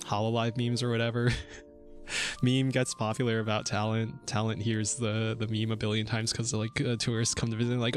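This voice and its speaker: A man's voice: fairly low pitch, level tone, moderate pace. A young man streaming while he codes a game, chatting casually and thinking aloud with lots of little laughs and fillers. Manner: rambling and chuckly, many fillers, thinks aloud. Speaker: VTuber streamer coding a game. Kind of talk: casual livestream chat while coding. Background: faint music and keyboard typing.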